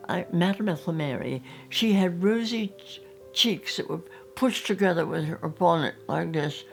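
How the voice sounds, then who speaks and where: An older English woman recalls her childhood in a low, gravelly voice, lingering on her memories and slipping into little acted-out bits. Soft music plays faintly behind her. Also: normal speed. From England. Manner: reminiscing, animated, acting out scenes. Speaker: storyteller.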